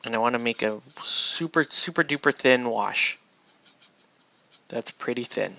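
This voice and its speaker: A man's voice: mid-range voice, unhurried, gravelly, sharp tone. A man hosting a casual painting tutorial, chatty and rambling as he works, often checking in with "right?". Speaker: miniature painting host. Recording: dull lo-fi dry sound.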